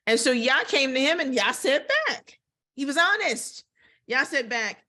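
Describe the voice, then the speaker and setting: A woman teaching a casual Bible study who reads scripture aloud and then breaks off into animated, conversational commentary. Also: normal speed. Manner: expressive, with big swings in pitch and tempo.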